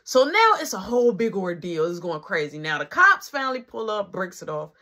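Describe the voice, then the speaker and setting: A man spins a long personal story in a casual vlog, loose and slangy. His voice is bright and sharp, and he keeps checking in with the listener as he goes. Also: high voice, big pitch swings, fairly quick.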